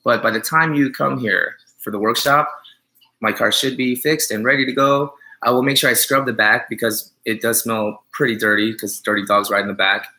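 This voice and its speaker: A man's voice: medium pitch, steady tone, normal speed, pushed and bright. A man who is a dog groomer, chatting on a live stream, joking and teasing viewers as he rambles with many fillers.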